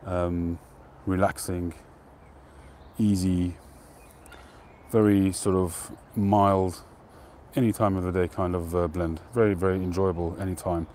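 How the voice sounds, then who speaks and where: A man hosting a live stream outdoors, chatting to viewers in a relaxed, rambling way and greeting them by name. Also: sits low, measured pace, slight background noise. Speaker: pipe-smoking livestream host. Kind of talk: casual live-stream chat.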